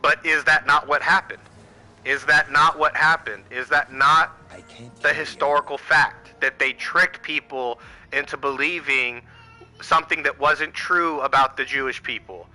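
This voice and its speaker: Sharp-voiced American man ranting. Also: on the high side, fairly even intonation, a little slow, soft background music, low-quality recording. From United States. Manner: heated, profane, full of rhetorical questions. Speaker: channel host. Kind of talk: political rant to camera.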